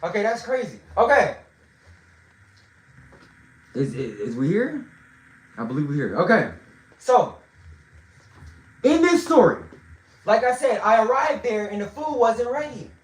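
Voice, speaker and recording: A man telling a long story in a casual way, swinging between loud bursts and low mutters. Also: big pitch swings, measured pace, pauses often. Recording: roomy echo.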